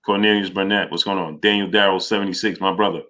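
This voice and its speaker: Bright-voiced New livestream host. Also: male voice, deep voice, level tone, fast. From New York. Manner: greets viewers by name, reads super chats aloud. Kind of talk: casual livestream chat.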